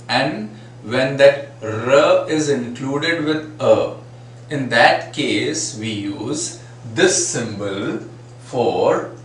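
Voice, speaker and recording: A man teaching phonetics, patiently repeating sample words to demonstrate each sound. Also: medium pitch. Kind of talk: classroom lecture. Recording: very echoey room, far from mic, faint noise.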